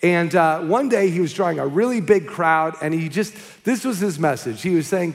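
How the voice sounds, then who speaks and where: A man's voice: a little high, lively intonation, normal speed, hardly any pauses, soft background music. A man preaching a sermon as pastor, casual and storytelling, often checking in with the crowd. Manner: conversational, storytelling with frequent "okay?" checks. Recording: long reverb of a large hall.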